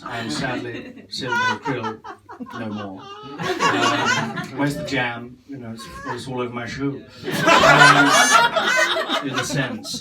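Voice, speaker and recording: A man performing live stand-up character comedy as a vain, rambling older female stage actress, self-absorbed and theatrical with deadpan asides. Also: medium pitch, lightly acted. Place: comedy club stage before a live audience. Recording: distant mic, loud room noise.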